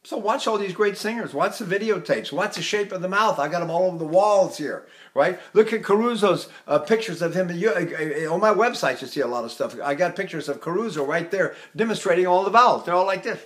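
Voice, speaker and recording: An older man runs a singing lesson, his speaking voice sitting high for a man. He chats in a loose, animated way and keeps breaking into sung vowels and scales to show his point. Now and then he mimics poor technique with exaggerated sounds. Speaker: voice teacher.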